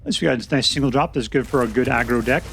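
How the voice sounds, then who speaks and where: A man's voice: medium pitch, rapid-fire, fairly bright tone, slight background noise. A man giving casual, joking commentary to himself as he plays a card game. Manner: chatty, joking, talks to himself while playing. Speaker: gameplay commentator.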